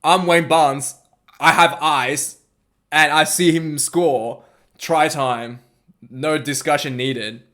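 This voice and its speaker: A man's voice: on the high side, steady tone, slow pace, bright, forceful tone. A man imitating a curt, cocky rugby referee who dismisses all objections, in a raised voice. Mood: smug. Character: cocky brusque male rugby referee, adult.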